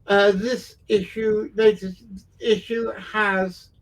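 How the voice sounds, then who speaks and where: A man's voice: high-pitched, little pitch movement, takes it slowly, low-quality recording. A man hosting a casual online talk show, rambling and self-mocking. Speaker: podcast host. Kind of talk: casual chat.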